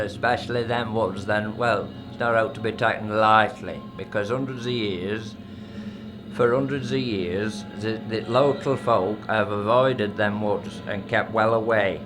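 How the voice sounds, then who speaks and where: A man's voice: on the low side, unhurried, lightly acted. An actor playing a blunt older local man, warning of a woodland monster in a folk horror audio drama. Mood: ranting. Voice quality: blunt, grumbling, dialect-heavy. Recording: music bed behind.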